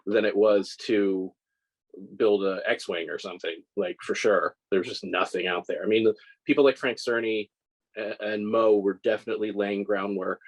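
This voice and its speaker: A man's voice: on the low side, steady tone, normal speed, rough recording. A man in his forties, a scale model maker, telling stories in a casual interview with lots of restarts and self-deprecating laughs. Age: 40s.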